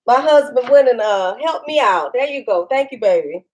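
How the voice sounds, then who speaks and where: Woman host, home kitchen live cook-along, bubbly and chatty, bright high register. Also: normal speed, rough recording. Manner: chatty, excitable, laughs often, talks to viewers as "y'all". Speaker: cooking channel host. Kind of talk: casual live-stream cooking demo.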